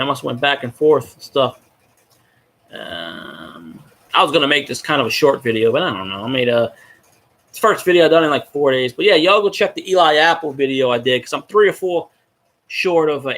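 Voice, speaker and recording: He's a fan vlogger talking to his chat on a casual stream, rambling along and swearing as he goes. The man's medium-pitched voice is expressive, a little fast, and fairly bright.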